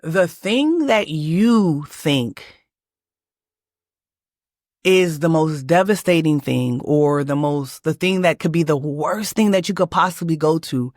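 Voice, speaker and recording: Animated Texan woman telling a story. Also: low voice, takes it slowly, no room sound, clean studio sound. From Texas. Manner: animated, emphatic, lots of restarts and fillers. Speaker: manifestation channel host. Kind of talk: casual personal storytelling.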